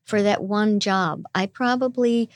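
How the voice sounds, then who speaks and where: A woman's voice: mid-range voice, unhurried, no echo, studio quality. A middle-aged woman voice actor with a youthful, girlish-sounding voice, chatting animatedly as an interview guest. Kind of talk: casual interview chat.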